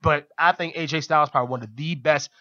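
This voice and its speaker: A man co-hosting a radio show, recapping wrestling in casual chat with excitement and laughter, loudly acting out quotes. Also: quick pace, lo-fi sound. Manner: excited, laughing, acts out quotes in loud high voice.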